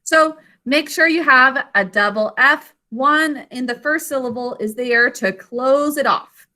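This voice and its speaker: A woman teacher with a high, bright voice takes a spelling lesson at an unhurried pace. She sounds out each syllable with care and praises the children as they go. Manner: slow, careful, sounding out syllables; encouraging. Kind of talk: online literacy lesson for children.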